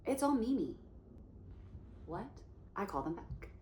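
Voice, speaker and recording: A woman in her forties, an actress and singer, telling a story in an animated way and acting out the voices of the people in it. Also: mid-range voice, a little slow, slight background noise. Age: 40s. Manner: animated, acts out quoted voices. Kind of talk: storytelling monologue. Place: indoor room in New York. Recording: roomy echo.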